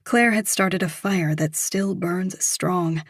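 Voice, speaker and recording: Woman, audiobook narration, low, slow, breathy, dry close recording. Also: no room sound. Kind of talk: scripted narration.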